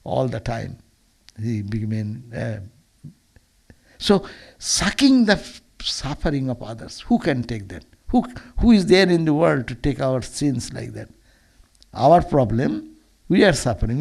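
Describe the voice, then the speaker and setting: A man's voice: mid-range voice, sing-song, unhurried, gravelly, a little mellow. A man, a monk, giving a Sunday lecture as a storytelling sermon, earnest and often restarting or repeating words.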